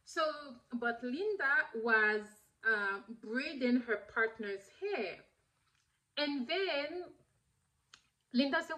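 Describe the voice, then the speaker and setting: A woman in her thirties whose first language is French, telling a personal story in a lively way, with many fillers and bursts of laughter. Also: fairly high pitch, takes it slowly. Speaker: vlogger. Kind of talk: casual storytelling.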